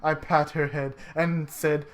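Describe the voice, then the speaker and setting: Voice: medium pitch, flat delivery, takes it slowly. A casual reader reading a homemade adventure story aloud among friends, joking, swearing and tripping over the text.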